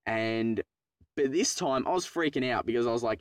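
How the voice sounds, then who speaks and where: A teenage man telling a funny personal story to his viewers, excitable and swearing freely, dropping into low mutters when he acts out his own panic. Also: normal speed, no echo, clean studio sound. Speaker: vlogger. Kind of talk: casual storytelling to camera.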